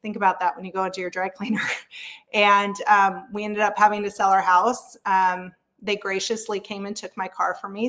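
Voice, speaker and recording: A woman's voice: medium pitch, a bit bright. A woman in her thirties, a real estate agent guest, telling her story in a frank, chatty way with many fillers and frequent laughs. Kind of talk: candid storytelling interview.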